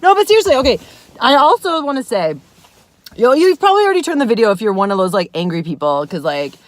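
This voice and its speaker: A woman's voice: on the high side, very animated, quick pace, no echo. A woman in her thirties talking to camera from her car, rambling casually, laughing often and swearing freely. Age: 30s. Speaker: vlogger. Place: inside a parked car in the rain.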